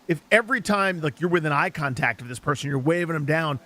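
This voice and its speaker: A man's voice: fairly high pitch, expressive, fast talker, bright, forceful tone. A man co-hosting a sports radio show, riffing and teasing in casual banter.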